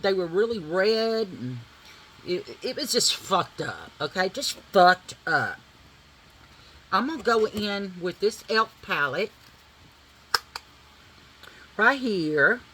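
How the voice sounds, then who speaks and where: Lady chattin while doin her makeup, cusses a lot, kinda low but bright voice, lil bit of room hiss. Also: rough recording. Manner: chatty, swears casually, addresses viewers as y'all. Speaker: vlogger. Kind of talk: casual storytelling while doing makeup.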